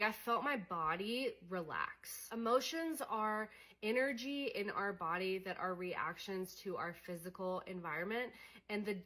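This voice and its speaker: A woman's voice: medium pitch, a bit bright. A young adult woman coaching on emotions in a candid, conversational way, with many fillers. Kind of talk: casual teaching monologue.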